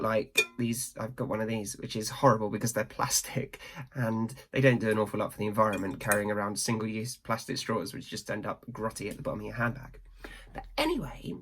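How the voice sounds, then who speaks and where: A woman's voice: extremely low pitch, slight background noise. A British woman vlogging in a chatty, rambling way with asides. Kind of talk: casual chat.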